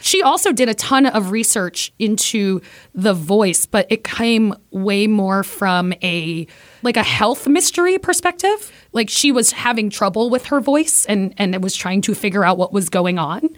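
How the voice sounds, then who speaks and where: A woman's voice: medium pitch, lively intonation, measured pace, no room sound. Woman, podcast host, chatty, conversational, dry close mic. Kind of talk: casual interview talk.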